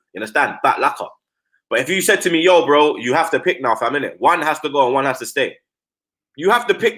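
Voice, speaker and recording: A man's voice: medium pitch, bright, forceful tone. A man, a football fan pundit chatting casually on a live stream. He talks in heavy slang and keeps tagging his lines with "blood" and "you get me".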